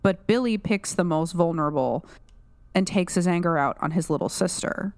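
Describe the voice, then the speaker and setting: Low-voiced woman analyzing a show. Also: moderate pace, a little mellow, no room sound, clean studio sound. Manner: analytical, rambling with many restarts and "like". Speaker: podcast co-host. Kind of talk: casual podcast discussion.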